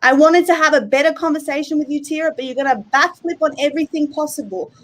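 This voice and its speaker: Exasperated high-voiced woman. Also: fast talker, poor audio. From Australia. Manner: blunt, exasperated, swears. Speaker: live stream guest. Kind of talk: heated live stream argument.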